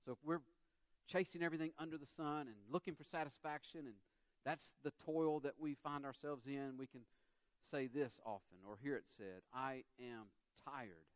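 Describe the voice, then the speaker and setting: A man's voice: fairly high pitch, moderate pace, dry recording. A man with a Southern US accent preaching a sermon, acting out quotes and everyday dialogue as he goes. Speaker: pastor.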